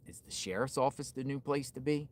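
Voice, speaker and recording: A man hosting a livestream from outdoors, giving excitable, rambling on-the-spot commentary. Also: mid-range voice, brisk. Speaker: livestream host. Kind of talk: live on-location commentary.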